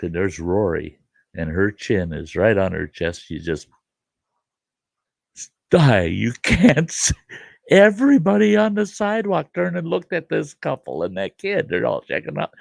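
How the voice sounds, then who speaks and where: A man's voice: mid-range voice, normal speed, no echo. An older man, hosting and telling a story casually, chuckling as he goes. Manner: animated, chuckling, dry gravelly delivery. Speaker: host.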